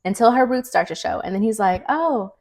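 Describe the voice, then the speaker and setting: A young woman with a mid-range voice talks at a quick pace while co-hosting a podcast. She animatedly retells a thriller's plot in a casual book recap, chatty and sprinkling in lots of "like."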